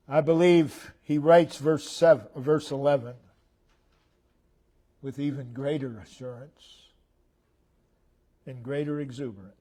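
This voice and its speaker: A man with an American accent delivers a sermon in a somewhat high voice. He speaks at an unhurried pace. He repeats short phrases with emphasis, rising loud and falling almost to a murmur. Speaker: preacher.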